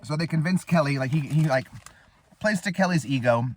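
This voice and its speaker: A man's voice: on the high side, brisk. A man hosting a casual show, recapping a movie in a rambling way with fillers and swearing. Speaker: host.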